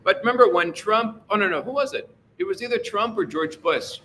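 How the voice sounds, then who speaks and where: A man's voice: high voice, expressive, a little fast, pushed and bright, slight background noise. A man hosting a casual livestream, reading out chat and rambling through his opinions with many fillers.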